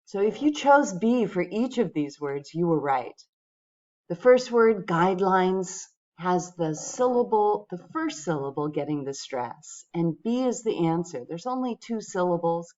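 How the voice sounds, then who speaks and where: Slow, patient woman teaching English. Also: fairly low pitch, dark tone, lo-fi sound. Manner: patient, clear, addresses viewers directly. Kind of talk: pronunciation lesson.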